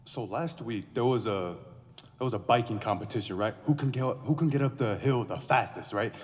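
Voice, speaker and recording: A man's voice: medium pitch, normal speed. A teenage boy improvising a comic monologue on a school stage, slangy and self-mocking, exaggerating wildly. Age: teens. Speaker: drama contestant. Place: school auditorium. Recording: long hall reverb.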